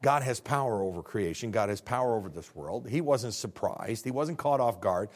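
A middle-aged man preaching a sermon as pastor, animated, acting out dialogues and swinging from quiet low lines to near shouts. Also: normal speed.

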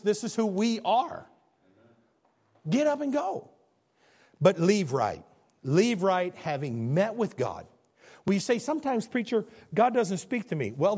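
Middle-aged pastor from Illinois, a man with a high, very animated voice who jokes with the pews and then drives home questions. Folksy sermon delivery in a church. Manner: folksy, joking preacher swinging between hushed asides and loud exhortation.

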